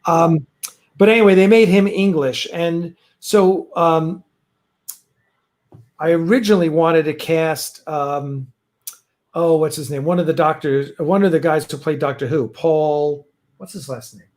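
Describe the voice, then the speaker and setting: A man's voice: fairly high pitch, fairly even intonation, measured pace, a little mellow. A man hosting a casual livestream chat from home, rambling with lots of fillers and restarts. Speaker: host. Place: home, fireworks outside.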